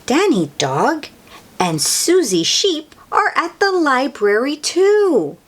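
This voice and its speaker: A woman reading a children's picture book aloud, expressive and adding her own asides. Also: high voice, slow. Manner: expressive, adds gasps and asides. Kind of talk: read-aloud storytelling.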